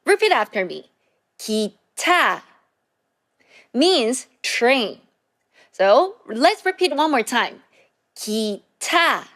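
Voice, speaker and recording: A woman teaching a Korean language lesson, speaking clearly and slowly with repeated pronunciation drills. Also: high voice, sing-song.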